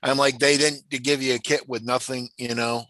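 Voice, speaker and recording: A man's voice: mid-range voice, level tone, moderate pace, bright, forceful tone, dry recording. A man in a casual group chat who keeps asking curious questions. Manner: curious, asks many questions.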